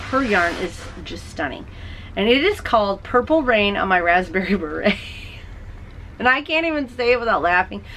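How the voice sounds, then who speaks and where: A woman's voice: medium pitch, fairly bright tone, a little hiss or hum. Bubbly woman chatting to her camera. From Texas. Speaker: podcast host. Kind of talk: casual video podcast chat.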